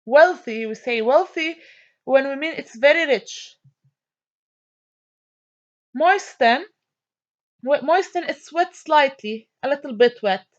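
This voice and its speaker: Slow, high-voiced woman teacher. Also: lively intonation. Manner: slow, repeats each word and spells out letters. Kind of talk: online phonics lesson. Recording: dull lo-fi recording.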